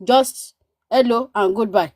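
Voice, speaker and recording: A woman's voice: fairly high pitch, unhurried, darkish tone, no echo. A woman from Nigeria chatting on a live stream, telling stories animatedly and repeating phrases for emphasis. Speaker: guest. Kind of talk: casual storytelling chat.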